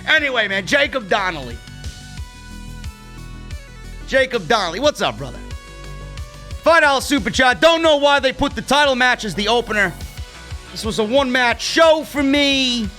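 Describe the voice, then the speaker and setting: A New York wrestling reviewer and podcast host rants brashly on a livestream, swearing constantly in a casual, chatty way. His very high, sing-song voice is pushed and bright at a moderate pace, with faint music in the background.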